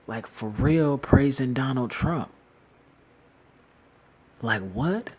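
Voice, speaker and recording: A man's voice: medium pitch, very slow, slightly rough. Man, casual rambling rant with frequent laughs and restarts, slangy, recorded on a phone. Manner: animated, slangy, laughs often, restarts sentences. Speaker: commentator. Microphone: phone screen-recorder app.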